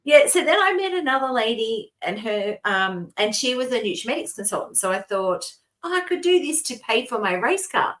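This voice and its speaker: A woman's voice: fairly high pitch, big pitch swings, normal speed, hardly any pauses, fairly bright tone. A middle-aged Australian woman co-hosting a casual podcast, telling personal stories in a rambling way with frequent laughs. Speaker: co-host.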